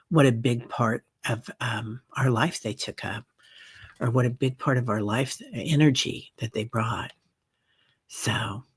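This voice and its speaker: A woman hosting a meditation group livestream, chatting gently and reading viewer comments aloud with many soft fillers. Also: very deep voice, husky, no room sound, studio quality.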